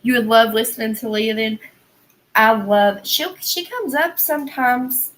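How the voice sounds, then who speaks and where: A woman's voice: fairly high pitch, measured pace, low-quality recording. Chatty Southern woman rambling on a livestream. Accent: Southern American. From Southern United States. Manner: rambling, chatty, heavy use of "like" and "y'all". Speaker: livestream host reading viewer comments. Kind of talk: casual livestream chat.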